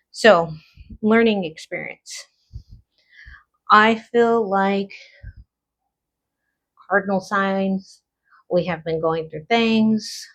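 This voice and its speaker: A woman giving a casual tarot card reading, thinking aloud slowly with lots of fillers and pauses. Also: on the low side, muffled recording. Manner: slow, musing, thinking aloud with many fillers. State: has the hiccups.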